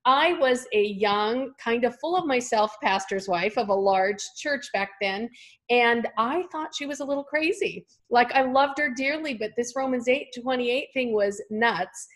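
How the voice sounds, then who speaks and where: A woman's voice: on the high side, a little slow, fairly bright tone. Woman around 50s telling her life story, earnest, acts out other folks' voices now and then. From California. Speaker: guest author and speaker. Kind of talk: personal testimony in a podcast interview.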